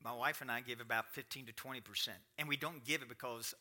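Speaking quickly in a mid-range voice, a middle-aged pastor sounds bright and forceful throughout his sermon. He moves from conversational chat with the congregation to emphatic, rising preaching.

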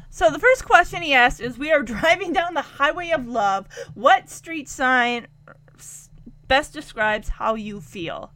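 A woman's voice: sits high, normal speed. A woman hosting a podcast, casually retelling a show and acting out the characters' lines. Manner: animated, acts out characters' lines. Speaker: podcast host.

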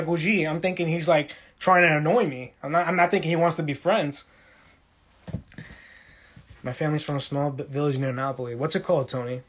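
Husky young New man chatting live. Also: on the high side. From Brooklyn, New York. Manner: playful, teasing, quick asides to chat. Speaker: livestream host reading chat. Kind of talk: casual livestream chat.

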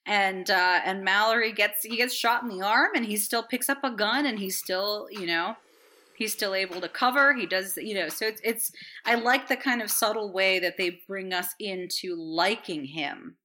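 A woman's voice: medium pitch, moderate pace, sharp tone. A woman chatting casually as a podcast co-host, rambling with enthusiasm, swearing freely and laughing often. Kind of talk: casual chat.

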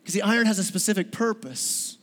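Male pastor, high voice; conversational sermon with humor and questions to the room; long church-hall reverb. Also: fairly quick, fairly bright tone. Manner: conversational, joking, asks the audience questions. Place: church sanctuary.

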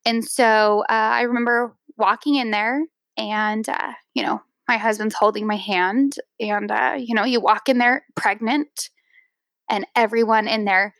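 A woman in her thirties telling an emotional personal story as a podcast guest, teary and halting, with many restarts and fillers. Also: on the high side, steady tone, a bit bright, dry recording.

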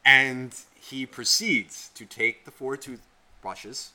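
Bright-voiced profane storytelling man. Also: medium pitch, slow pace. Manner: profane, rambling, animated storyteller. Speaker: podcast co-host. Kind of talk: casual storytelling chat.

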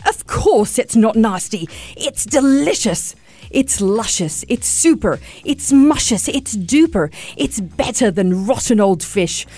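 A woman voicing a boastful, greedy male crocodile in a storybook read-aloud, gloating with drawn-out relish. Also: fairly high pitch, lively intonation, warm tone, no room sound, pitched above the performer's own voice, heavily acted.

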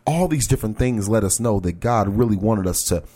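A man's voice: fairly low pitch, animated, fairly quick, warm tone. A man preaching an encouraging sermon, speaking earnestly and directly to his listeners and urging them on. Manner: earnest, exhorting, talks straight to listeners.

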